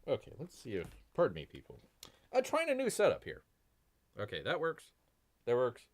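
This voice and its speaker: At normal speed and with huge swings in pitch, a man in a mid-range voice hosts a relaxed live stream about comic books. His talk wanders with fillers and restarts as he names himself Bear and keeps saying "people" to his viewers.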